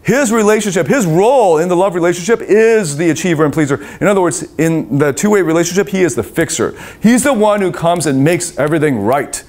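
Animated man giving a lively seminar talk. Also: high-pitched, fairly quick, few pauses. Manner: animated and profane, acting out the voices of babies and parents. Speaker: dating and relationship coach.

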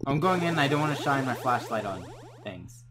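A man joking and swearing while commenting on a game he is playing with his brother, with sudden loud outbursts. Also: medium pitch, expressive, moderate pace, loud music behind the voice. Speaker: gameplay commentator. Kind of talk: casual gameplay commentary.

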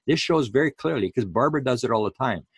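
A man's voice: mid-range voice, expressive, fast talker, husky, no echo. A man giving a public lecture in a rambling way, full of fillers and restarts.

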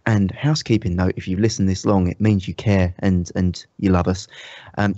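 Podcast co-host, very deep mellow voice, dry dead-close mic, muffled lo-fi sound. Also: male voice, no echo. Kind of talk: casual crude banter.

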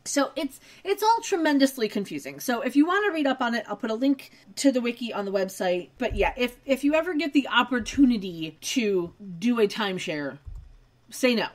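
A woman's voice: on the high side, big pitch swings, a little fast. A woman co-hosting a podcast, recapping a TV episode in casual chat with wry asides. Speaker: podcast co-host.

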